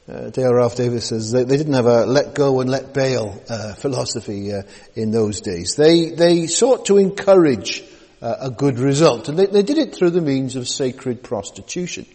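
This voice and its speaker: Halting preacher in an echoing hall. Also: male voice, mid-range voice, a little mellow. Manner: halting, many fillers and repeated words, folksy asides. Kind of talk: sermon. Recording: long hall reverb.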